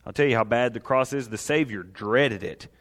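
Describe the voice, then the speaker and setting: A man preaching a sermon as a pastor, reading scripture and building to impassioned, loud emphasis. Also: medium pitch, moderate pace. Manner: preaching, rises to impassioned shouting at climaxes. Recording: long hall reverb.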